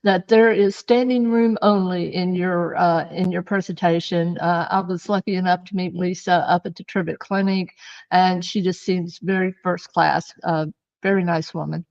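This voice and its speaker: A woman's voice: lowish voice, fairly even intonation, moderate pace, creaky, a little mellow. Frank woman on a dull-sounding call. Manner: frank, earnest, with repeated words. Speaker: guest psychic reader. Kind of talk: casual interview chat.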